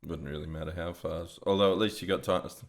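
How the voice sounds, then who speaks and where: A man's voice: low-pitched, steady tone, brisk, gravelly. A man co-hosting a podcast in casual chat, joking and swearing freely. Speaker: podcast co-host.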